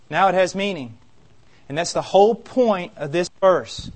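Male preacher, high voice, impassioned sermon delivery with sharp loud-soft swings. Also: moderate pace. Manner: impassioned, emphatic, shifts between quiet and loud.

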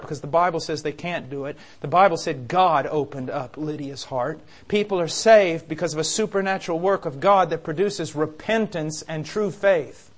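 A man preaching a sermon, impassioned and emphatic, swinging between quiet, intense passages and loud, forceful ones. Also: a little high.

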